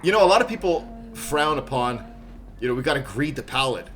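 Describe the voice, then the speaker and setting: A man's voice: medium pitch, very animated, brisk, a bit bright, faint music behind. A man doing live gameplay commentary, joking and chatting with viewers in rambling asides. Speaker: game streamer.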